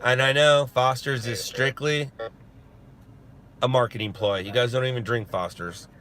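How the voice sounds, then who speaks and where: Bright-voiced laid-back man chatting live. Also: mid-range voice, fairly even intonation, normal speed. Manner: laid-back, joking, answering chat questions. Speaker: live-stream host. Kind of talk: casual live-stream chat reading viewer comments. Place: parked in a parking lot at sunset.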